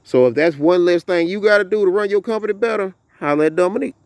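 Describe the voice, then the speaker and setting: Southern man in his thirties, lively preachy farm vlogger, higher-pitched, dry close sound. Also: fast, dry recording. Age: 30s. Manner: animated, preachy storytelling. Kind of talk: casual outdoor vlog. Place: outdoors on a farm.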